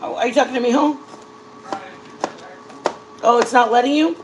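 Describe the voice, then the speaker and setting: A woman's voice: fairly high pitch, fairly even intonation, moderate pace, noisy background. A woman in her forties, a vlogger, chatting casually with her viewers while baking at home and telling long stories. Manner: chatty storyteller addressing viewers directly.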